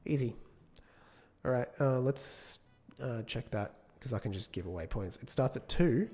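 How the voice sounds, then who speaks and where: A man's voice: mid-range voice, animated, moderate pace, darkish tone. Man thinking aloud while coding. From United Kingdom. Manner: thinks aloud, self-correcting; chats with viewers between tasks. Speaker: game developer streaming. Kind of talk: casual live-coding commentary.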